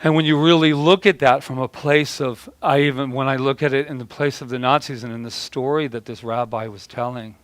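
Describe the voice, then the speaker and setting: A man's voice: medium pitch, fairly even intonation, brisk, few pauses, dry recording. Rambling male preacher with a dry sound. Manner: rambling, with many restarts and repeated words. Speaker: pastor. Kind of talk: sermon.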